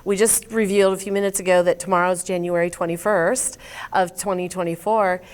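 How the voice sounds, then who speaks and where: A woman hosting a talk show, guiding the interview with quick, encouraging affirmations. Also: fairly low pitch, steady tone. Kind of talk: interview host.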